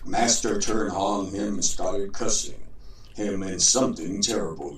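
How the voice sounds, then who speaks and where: Male host-storyteller, lowish voice, reads a tale aloud; roomy, far-off recording. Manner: unhurried, stumbles and corrects himself. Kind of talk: reading a folk tale aloud. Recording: roomy echo, distant mic.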